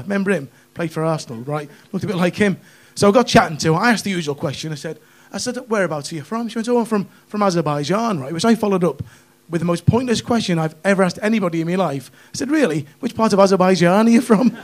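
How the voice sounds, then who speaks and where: A middle-aged man with a northwest English accent performs a stand-up set on a comedy club stage. His voice sits fairly high for a man. He talks in a chatty, cheeky way and keeps checking in with tag questions. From Runcorn, northwest England.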